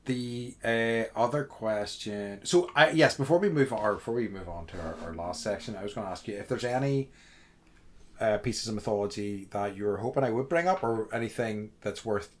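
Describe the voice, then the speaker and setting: A man's voice: fairly low pitch, normal speed. A man co-hosting a podcast, chatting casually and rambling with lots of fillers and restarts. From outside the USA. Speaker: podcast co-host. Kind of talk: casual chat.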